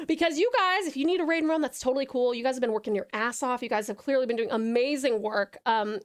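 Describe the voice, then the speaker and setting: This high-voiced Australian woman keeps her live stream casual, reading chat aloud and calling viewers sweetheart and darling. Along the way she demonstrates purring and rolling her R's.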